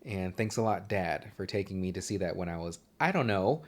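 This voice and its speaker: A man's voice: deep voice, expressive, fairly quick. A man in his mid-thirties from Southern California co-hosts a podcast in loose, casual chat. He jokes around, swears freely and wanders off on tangents as he talks. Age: 30s. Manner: joking and profane, with tangents. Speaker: podcast co-host.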